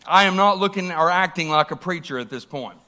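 A pastor in his forties delivers a sermon through a long, lively story. His voice sits high and bright. He acts out every quote with big swings. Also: a little fast.

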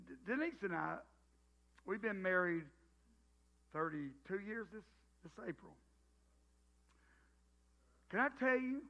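High-voiced Southern pastor, folksy. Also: male voice, bright, forceful tone. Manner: folksy, joking, with frequent restarts. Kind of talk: sermon. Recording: dull lo-fi sound.

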